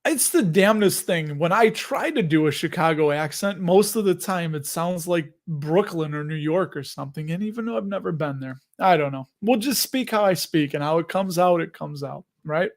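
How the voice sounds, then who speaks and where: Live-stream host, man in his forties, somewhat high voice, chatty and digressive. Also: moderate pace. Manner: chatty, rambling, laughs at himself. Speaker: host of a live investing show. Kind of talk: casual live-stream chat.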